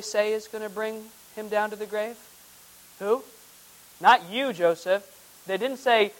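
Man, preacher, high-pitched voice, verse-by-verse sermon, reads old scripture aloud, dramatic swings between hushed and loud. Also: steady tone, a little slow, pauses often, poor audio. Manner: reads scripture aloud in old formal wording, then explains it. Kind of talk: verse-by-verse Bible teaching sermon.

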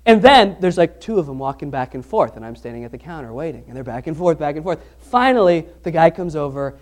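A man preaching a sermon to a congregation. He talks in a casual, animated way and drifts into personal anecdotes. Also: on the high side. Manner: conversational, animated storytelling with restarts. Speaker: pastor.

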